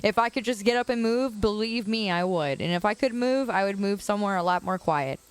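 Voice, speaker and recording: A young woman from the Chicago area livestreams from a suburban curb outdoors. She talks at a middle pitch, chatty and loose, breaking into laughs as she answers her viewers. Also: fairly quick, clean tone. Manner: chatty, laughs often, answers chat comments. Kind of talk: casual chat with viewers.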